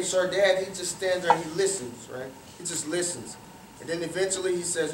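Casting: man with a high voice, interactive storyteller asking the audience questions, in an echoey room, faint ambience. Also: brisk, background noise. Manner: repeats phrases for emphasis. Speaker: guest speaker at a youth cricket academy. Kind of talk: motivational storytelling talk. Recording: roomy, distant, faint ambience.

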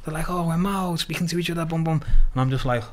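A man from Liverpool with a Scouse accent, a podcast guest lively retelling his story with quoted dialogue and plenty of swearing. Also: fairly high pitch, quick pace. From Liverpool, England. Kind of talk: casual storytelling interview.

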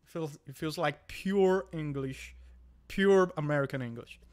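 A male guest in a casual group chat, pausing and searching for the right words. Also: a little high, a little mellow.

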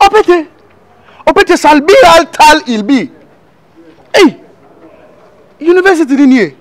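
A man's voice: extremely high pitch, very animated, measured pace, no room sound, heavily acted. A man voicing an exasperated friend who scolds and mocks a liar, with a Ghanaian accent, in a comic cartoon dub. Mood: scolding. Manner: scolding, shouting, mocking.

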